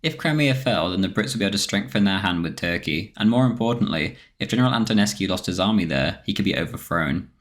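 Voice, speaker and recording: A man with a low, deep voice reads a scripted history documentary narration. He keeps a steady, measured delivery from line to line.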